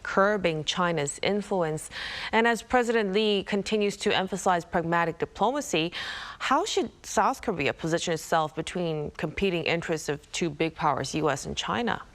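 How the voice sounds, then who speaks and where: A woman's voice: fairly low pitch, moderate pace. A woman hosting a news discussion as anchor, composed, posing long, carefully framed questions to her guests.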